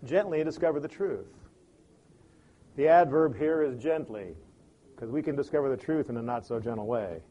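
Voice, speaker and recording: A man's voice: medium pitch, lively intonation, moderate pace, dark tone. A man giving a lesson on listening in a conversational way, telling stories and acting out the people in them. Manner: conversational, acts out quoted people. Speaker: teacher on listening. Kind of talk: lecture with anecdotes.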